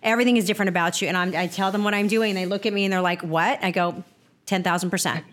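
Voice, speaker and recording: A middle-aged woman hosting a podcast, talking in an effusive, chatty way and thanking her guest warmly. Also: mid-range voice, steady tone, rapid-fire. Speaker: podcast host. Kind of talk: casual interview chat.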